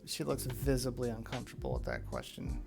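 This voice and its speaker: Man, game master, gravelly voice, guitar music behind, casual table talk. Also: mid-range voice, big pitch swings, fairly quick.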